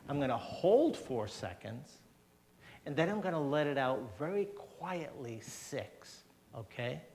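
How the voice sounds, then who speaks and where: With a slightly high, a little mellow voice and big pitch swings, a man speaks at a moderate pace; a little hiss or hum is audible. He presents a breathing technique step by step at a church hall health seminar, showing it himself, inviting the audience to join, and checking in with "okay?"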